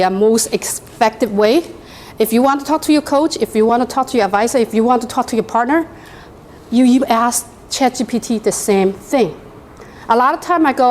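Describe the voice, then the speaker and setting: Woman presenter, high voice, chatty workshop delivery with phrasing. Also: a little mellow, a little hiss or hum. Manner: conversational, non-native phrasing. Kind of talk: conference presentation.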